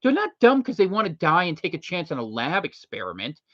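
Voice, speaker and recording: A man hosting unscripted commentary, jokey and animated, with quick impressions thrown in. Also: a little high, no echo. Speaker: host. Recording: dry, slightly muffled lo-fi recording.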